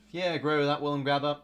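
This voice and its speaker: An Australian man hosting a live football watch-along, talking in a casual, rambling and exasperated way, swearing now and then and reading out viewer donations. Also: fairly high pitch.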